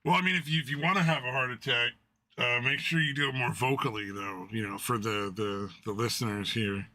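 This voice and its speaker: A man's voice: mid-range voice, a little fast, sharp tone. A man hosting a casual stream chat, joking and laughing easily as he talks.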